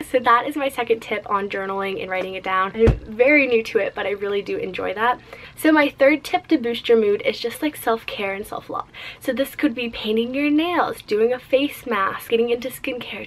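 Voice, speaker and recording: A woman's voice: a little high, a bit bright, a little hiss or hum, poor audio. A young adult woman vlogging casually, giving upbeat lifestyle tips in a bubbly, chatty way with lots of "like" fillers. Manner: bubbly, upbeat, heavy use of "like".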